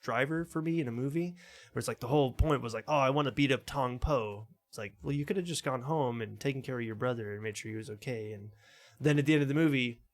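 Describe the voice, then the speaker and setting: A man's voice: medium pitch, quick pace. A man co-hosting a casual podcast, rambling with hedging asides as he chats. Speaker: podcast co-host. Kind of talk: casual chat.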